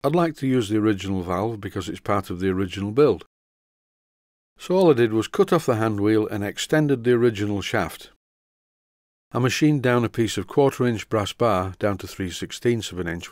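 An older man narrating a model workshop tutorial in a dry, deadpan manner. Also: on the low side, no echo. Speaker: model engineering video host.

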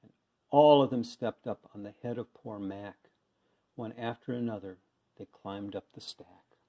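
A man reading a children's picture book aloud with lively, expressive delivery, on a dull lo-fi recording. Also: fairly low pitch, a little slow. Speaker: reader. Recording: dull lo-fi sound.

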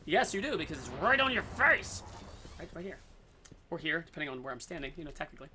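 Excitable high-pitched gamer guy. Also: fast talker, background noise. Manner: goofy, excitable, silly made-up swears. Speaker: gameplay commentator. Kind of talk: casual gameplay commentary.

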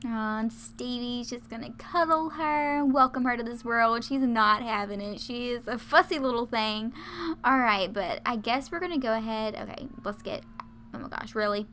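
A woman's voice: fairly high pitch, moderate pace, bright, forceful tone, slight background noise. A woman casually commentating her life-sim game, chatty and laughing often. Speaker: let's play host.

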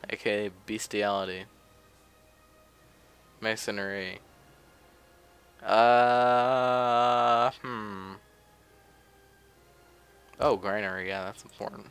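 A young man with a fairly low, bright, smooth voice and a forceful tone chats casually into a desk mic while playing a game. He's doing let's-play commentary, often grumbling offhandedly as he goes.

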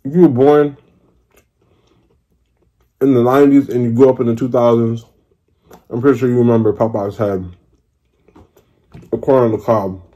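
A man's voice: medium pitch, steady tone, dark tone. A man in his thirties, a food vlogger, ranting in an exasperated, swearing way during a mukbang. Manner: exasperated, swearing, drawn-out complaints. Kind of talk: mukbang rant.

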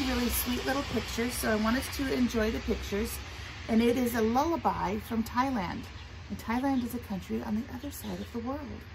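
A woman preschool teacher leading circle time from her porch, speaking gently and sing-song, asking the children questions. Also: a little high. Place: front porch outdoors. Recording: outdoor traffic and rain noise. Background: passing trucks and rain.

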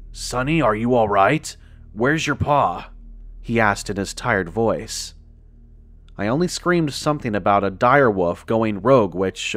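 A man reading a first-person horror story aloud as a podcast narrator, in a measured, dramatic way that slows down on the grim details. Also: fairly low pitch, no room sound.

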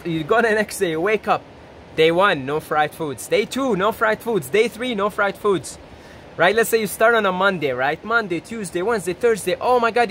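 This self-help YouTuber speaks in a high-pitched voice, giving a loose, animated motivational talk to camera. He acts out little quoted voices and laughs often, over slight background noise.

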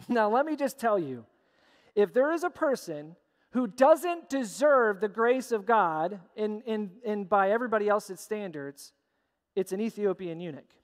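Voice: mid-range voice, animated, unhurried. A pastor preaching a sermon with emphatic, repeated phrases, recorded in a church sanctuary. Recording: long church hall reverb.

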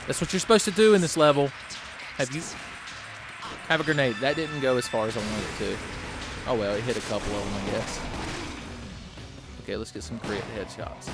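A man's voice: medium pitch, moderate pace, long pauses, soft background music. A man hosting a late-night gaming show, giving profane, sarcastic let's-play commentary, a bit tipsy from drinking. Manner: profane, sarcastic, bursts into yelling.

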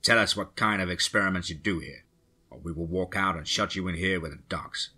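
A man's voice: low-pitched, a little fast, pushed and bright, breathy edge, full character voice. A man voicing a stern male special forces leader, commanding and terse.

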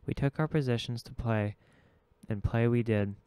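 A man reading a novel aloud in steady, measured audiobook narration. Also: mid-range voice, smooth, no echo. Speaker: audiobook reader.

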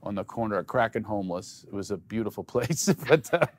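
Joking comedian, dry close sound. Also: male voice, lowish voice, lively intonation, no echo. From Philadelphia, USA. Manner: quick, jokey, bursts of loud punchlines. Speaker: comedian guest. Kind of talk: joking interview chat.

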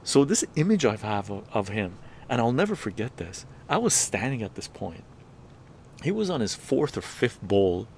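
This livestream host spins an animated, profane yarn, laughing as he goes. He speaks at a normal pace in a lowish voice, with a little hiss or hum in the recording.

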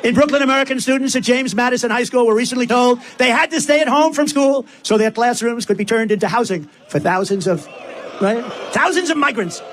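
A man's voice: very high voice, fairly quick, a bit bright, a little hiss or hum. A man giving a rambling, repetitive campaign speech at a rally, talking straight to the crowd. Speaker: political candidate at a rally. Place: rally before a live crowd.

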